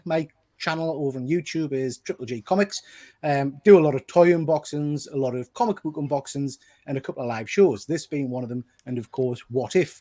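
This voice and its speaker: A man's voice: a little high, dark tone. A man with a Geordie accent from North East England, hosting a casual live-streamed chat about toys in a jokey, self-deprecating way. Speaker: host.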